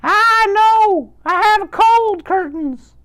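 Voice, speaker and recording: A man voicing a male wolf who puts on a high falsetto to pass as a grandmother in a bedtime story. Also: slow, fairly bright tone, exaggerated voice. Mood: sly. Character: male wolf squeaking as a granny.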